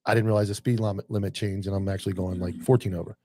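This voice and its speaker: A man's voice: on the low side, fairly even intonation, rapid-fire, warm tone. A man who is a former cop telling profane stories in casual podcast chat, acting out the people he quotes. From northern US.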